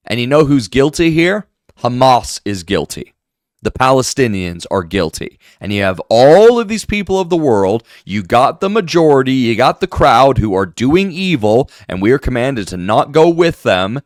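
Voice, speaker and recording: A man's voice: medium pitch, very animated, unhurried, dry recording, studio quality. A man hosting solo political commentary, indignant and ranting passionately.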